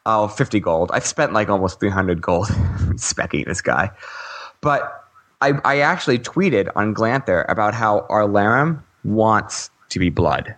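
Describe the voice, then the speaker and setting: A man's voice: fairly low pitch, expressive, measured pace, a bit bright. A man co-hosting a gaming podcast in casual chat, rambling with fillers and laughing often. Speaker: podcast co-host.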